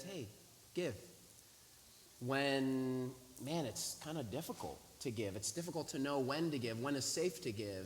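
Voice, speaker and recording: A young man, a pastor for young adults, preaching a casual, conversational sermon and acting out a story. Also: medium pitch. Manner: animated storytelling, voices the people in his story; casual, talks to the congregation directly. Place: church sanctuary. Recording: hissy room recording with long hall reverb.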